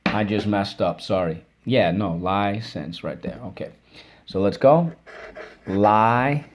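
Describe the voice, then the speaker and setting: A low-voiced man leads a phonics lesson, upbeat and encouraging. He says each word slowly and repeats it for the class to echo. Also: lively intonation, darkish tone, a little hiss or hum. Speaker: teacher.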